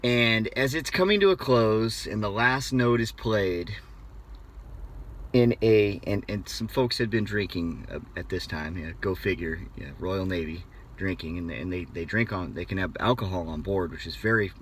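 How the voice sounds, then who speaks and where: An American man tells a personal anecdote in a loose, conversational way. His voice sits a little low, and he gets animated, often stopping and restarting his phrases as he goes. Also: moderate pace, slight background noise. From United States. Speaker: motivational speaker. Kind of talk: casual storytelling.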